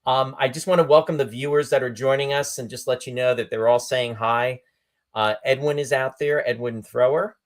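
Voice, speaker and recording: A man's voice: medium pitch, steady tone, normal speed. A male host chatting on a live video stream, upbeat and talkative, greeting viewers by name. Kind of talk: casual live-stream chat.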